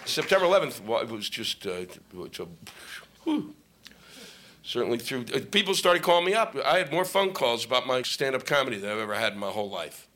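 A man's voice: medium pitch, sing-song, fairly quick, sharp tone, slight background noise. A middle-aged male stand-up comic on stage, ranting in a sarcastic, profane way. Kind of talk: stand-up comedy set. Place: comedy stage before a live audience.

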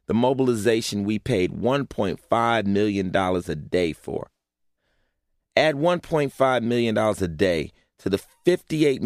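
A man's voice: on the low side, dry recording, clean studio sound. A man narrating a personal essay in a blunt, profane way, often asking rhetorical questions. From Los Angeles, USA.

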